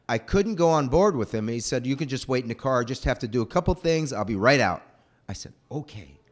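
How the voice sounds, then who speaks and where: A man telling a personal childhood story in a rambling, animated way. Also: mid-range voice. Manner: animated, rambling, acts out voices.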